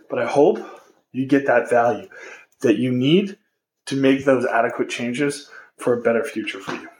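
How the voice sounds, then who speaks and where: A man hosting a podcast, giving an earnest, encouraging motivational monologue straight to his listeners. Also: on the high side. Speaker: podcast host.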